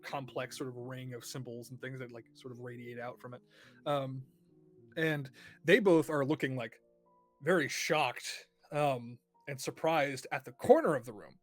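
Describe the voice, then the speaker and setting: A man narrating a tabletop game as game master in a hesitant way, with lots of fillers. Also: on the high side.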